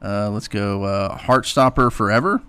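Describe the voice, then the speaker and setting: A man co-hosting a sports radio show, chatting casually and briskly reading calendar items while teasing his co-host. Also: on the low side, sharp tone, smooth, dry recording.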